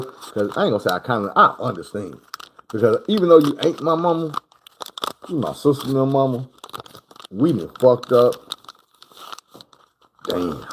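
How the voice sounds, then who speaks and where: A man's voice: medium pitch, background noise. A man telling a rambling, slangy personal story on a livestream, full of swearing and acted-out moments.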